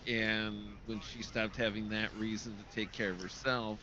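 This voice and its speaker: A man chatting casually on a podcast, slow and hesitant with many fillers. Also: on the low side, flat delivery, sharp tone. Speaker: podcast co-host. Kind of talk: casual chat. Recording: lo-fi voice chat with faint noise.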